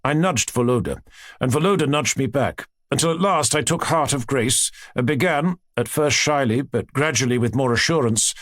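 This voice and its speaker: A man narrates an audiobook in an expressive storytelling manner, using a mid-range voice at a moderate pace with no room sound.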